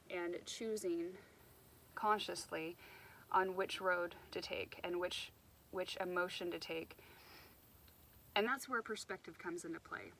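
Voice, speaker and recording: A woman's voice: on the low side, fairly bright tone, a little hiss or hum, poor audio. A woman giving an unscripted motivational talk outdoors by the water, rambling a little and restarting her sentences as she goes. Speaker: self-help speaker.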